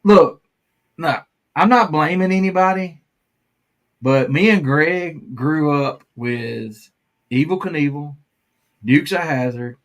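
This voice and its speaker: A man's voice: fairly high pitch, slow pace, pauses often. A man hosting a live stream, chatting casually, rambling and laughing often.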